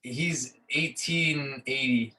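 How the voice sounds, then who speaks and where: A man's voice: mid-range voice, drawn-out words, sharp tone, poor audio. A man in his twenties chatting easily on a podcast as a guest, mostly giving short replies. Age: 20s. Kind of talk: casual chat.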